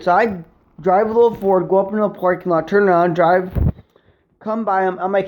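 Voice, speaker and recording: A man's voice: sits high, fairly even intonation, quick pace, dull audio, slight background noise. A young man in a casual vlog, rambling through a story to camera with lots of swearing and filler words. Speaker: vlogger.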